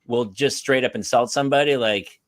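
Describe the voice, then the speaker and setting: A man's voice: medium pitch, brisk, no echo. A man hosting a casual talk show, telling stories in an emphatic way. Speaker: host. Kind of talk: casual chat, storytelling.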